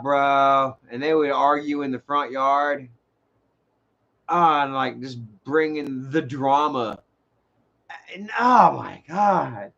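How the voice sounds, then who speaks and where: A man telling rambling, profane stories on a casual livestream. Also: mid-range voice. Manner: rambling, profane, animated storytelling. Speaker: livestream host. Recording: dull lo-fi stream audio.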